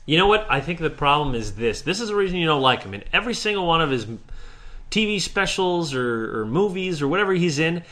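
A man's voice: fairly high pitch, sing-song, brisk, bright, forceful tone. Rambling, profane man chatting. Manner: rambling, profane, restarts often, mimics voices. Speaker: podcast co-host. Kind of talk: casual chat.

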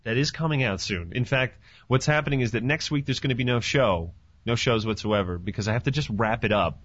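A man from Canada hosts a podcast in loose, profane, jokey chat, swinging between excited bursts and low asides. His voice comes through dull and lo-fi with a dry, close sound and no room around it. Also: a little fast, dry recording. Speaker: podcast host.

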